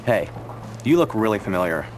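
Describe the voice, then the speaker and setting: A dim, distracted clerk. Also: male voice, on the low side, very animated, a little fast, faint music behind. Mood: puzzled. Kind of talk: sitcom acting.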